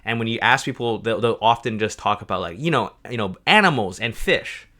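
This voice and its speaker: A young man with a fairly low voice and a bright, forceful tone, explaining his project on a livestream. He rambles, stumbles over words and corrects himself as he goes, filling gaps with ums and likes. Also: lively intonation, fairly quick. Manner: rambling, many fillers and self-corrections. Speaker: project co-creator presenting a map. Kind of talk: livestream chat explaining a map.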